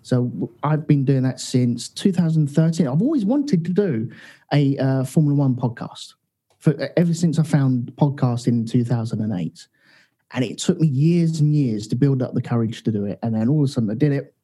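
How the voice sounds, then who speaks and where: A man's voice: medium pitch, brisk, mellow, slightly rough. A man guesting on a podcast in casual chat, joking and self-deprecating. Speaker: podcast guest, co-host of another show.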